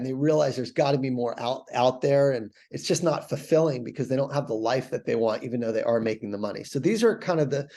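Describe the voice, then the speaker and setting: A man's voice: fairly high pitch, darkish tone. A man presenting a recorded sales training as a coach, talking in an earnest, conversational way with frequent fillers.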